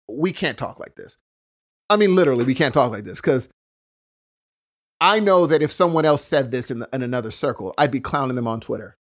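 A man in casual conversation, talking in an animated way and acting out the voices he quotes. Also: on the high side.

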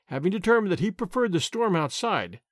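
A man reads a novel aloud as a dramatic storyteller. His voice sits high and moves a lot, and the recording is dry and close, with no room sound. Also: sing-song, fairly quick, no room sound. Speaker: audiobook narrator. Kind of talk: scripted narration.

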